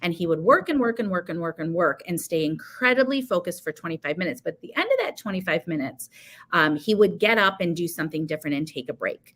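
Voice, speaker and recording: A woman's voice: fairly low pitch, lively intonation, fast talker, a bit bright. Chatty woman sharing practical advice. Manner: chatty, explains with everyday examples. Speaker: guest speaker on teacher coaching. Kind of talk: conversational advice-giving.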